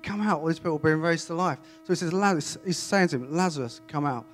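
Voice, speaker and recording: A man reading scripture aloud and then preaching in a chatty, animated way to a congregation. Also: on the high side, quick pace, faint music behind. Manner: conversational, animated, self-interrupting. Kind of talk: Bible reading and informal sermon. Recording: faint mains hum.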